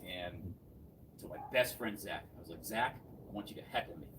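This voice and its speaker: A young man in his twenties doing a stand-up set, laughing at his own jokes and swinging between loud and soft. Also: deep voice, fairly quick, slight background noise. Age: 20s. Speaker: stand-up comedian. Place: small comedy venue with audience. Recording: distant mic with crowd laughter. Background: audience laughing.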